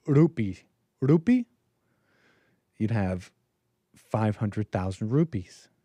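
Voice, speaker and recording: A man's voice: lowish voice, dark tone, no echo. Rambling man talking to himself on a dry mic. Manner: rambling, stop-start, thinking aloud with muttered asides. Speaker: call-in show host. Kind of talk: solo commentary monologue.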